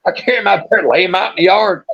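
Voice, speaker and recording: Husky high-voiced storyteller man. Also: very fast. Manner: drawling, folksy yarn-spinning with restarts. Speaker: storyteller on a live show. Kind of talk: casual storytelling. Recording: muffled lo-fi stream audio.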